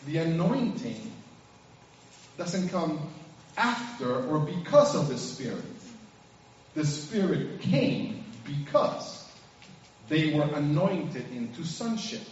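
A man preaching a sermon, telling the story with animated asides and acting out the characters. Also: fairly high pitch, slow pace, slight background noise. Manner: animated storytelling, acts out scenes. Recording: echoey hall, distant, dull.

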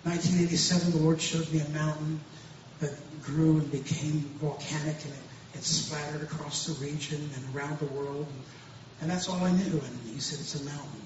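A man's voice: a little high, little pitch movement, moderate pace. A man speaking as a pastor, giving an earnest, emphatic personal testimony, often repeating himself and restarting. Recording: very echoey distant room, dull and noisy.

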